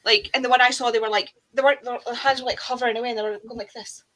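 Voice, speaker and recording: Brit woman chatting on a call, kinda high voice, acts stuff out. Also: racing, over a noisy crowd, low-quality recording. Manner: animated storyteller, acts out reactions. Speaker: booktuber on a group call. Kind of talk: casual chat. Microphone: video call.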